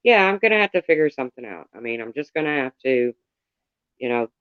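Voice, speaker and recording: A man's voice: medium pitch, big pitch swings, fast, clear, resonant tone, no echo, dull audio. A man livestreaming in casual chat, rambling candidly and greeting viewers by name.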